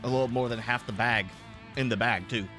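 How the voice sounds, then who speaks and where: A man's voice: mid-range voice, steady tone, fairly quick, bright, forceful tone, faint music behind. A man streaming a game live, chatting loosely while eating spicy food and coughing now and then. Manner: rambling, eating while talking. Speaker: gaming streamer. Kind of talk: casual live-stream chat.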